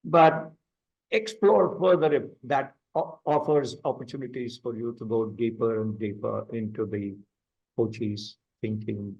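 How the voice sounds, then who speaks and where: A man's voice: mid-range voice, unhurried, creaky, breathy edge, highs cut off. A man leading a coaching masterclass, explaining step by step and asking the audience questions. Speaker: coaching instructor. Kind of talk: online masterclass teaching.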